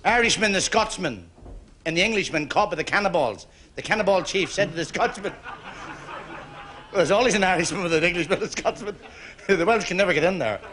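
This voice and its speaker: Lively man telling a joke. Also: high voice, a little fast, slight background noise.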